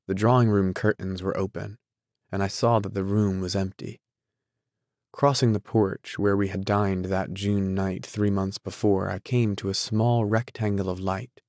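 Deep, flat-voiced male audiobook narrator. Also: no room sound, studio quality. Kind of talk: scripted literary narration.

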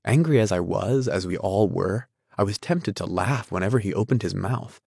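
A man narrating a novel in a measured, steady reading voice. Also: fairly low pitch, vocal fry, husky, no room sound, clean studio sound. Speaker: audiobook narrator.

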